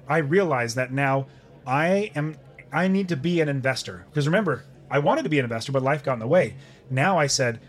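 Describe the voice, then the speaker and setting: A middle-aged man, a podcast guest, telling a personal story in conversation and acting out his own past thoughts. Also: mid-range voice.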